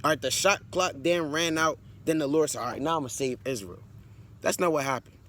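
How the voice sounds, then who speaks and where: A man's voice: on the high side, brisk, a bit bright, slight background noise. Blunt man preaching from scripture. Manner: blunt, conversational preaching, peppered with "all right" and "man"; reads scripture aloud, then explains it. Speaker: Bible teacher. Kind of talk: street-style Bible teaching.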